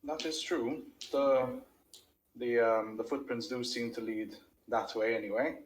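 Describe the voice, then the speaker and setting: A man playing a tabletop game, discussing plans in a polite, deliberate way and thinking aloud. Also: medium pitch, fairly even intonation, a little hiss or hum, low-quality recording. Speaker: player. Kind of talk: in-character tabletop play discussion.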